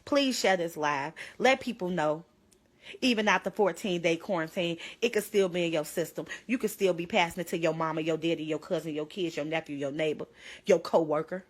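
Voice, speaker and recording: A woman's voice: on the low side, fairly quick. Urgent pleading woman on a phone livestream. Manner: urgent, pleading, on the edge of tears. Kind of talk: emotional livestream plea.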